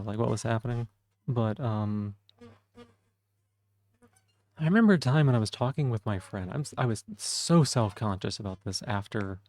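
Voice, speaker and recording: Man, streamer, soft-spoken, warm mellow tone, dry close sound, rambling casual chat. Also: lowish voice, no echo.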